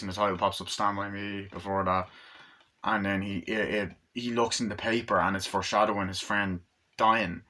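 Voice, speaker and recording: A man's voice: on the low side, bright, forceful tone. A man giving a casual, rambling movie review, swearing often and acting out scenes in funny voices. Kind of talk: casual spoken film review.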